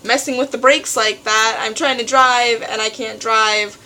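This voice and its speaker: A teenage girl vlogging at home, telling a story in an animated way and acting out what others said. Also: on the high side, measured pace, low-quality recording. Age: teens. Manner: animated storytelling, acts out quotes. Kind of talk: casual venting vlog.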